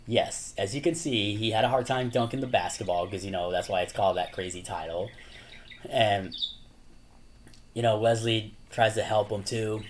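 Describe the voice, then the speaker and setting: A man chatting casually as a YouTuber, rambling with lots of "you know" and "like" and often laughing. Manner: laughs often while talking; acts out movie quotes in a higher voice. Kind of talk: casual chat.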